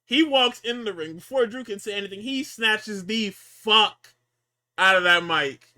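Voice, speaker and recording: A man co-hosting a casual wrestling recap podcast, profane and animated, acting out what wrestlers said. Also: sits high, unhurried. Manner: animated, profane, acts out quotes with big swings. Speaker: podcast co-host.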